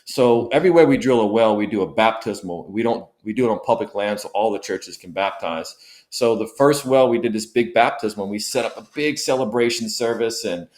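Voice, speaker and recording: A man's voice: fairly low pitch, a little fast, a little mellow. A middle-aged man, a missionary guest, telling an emotional personal story in a podcast interview, earnest and often repeating himself.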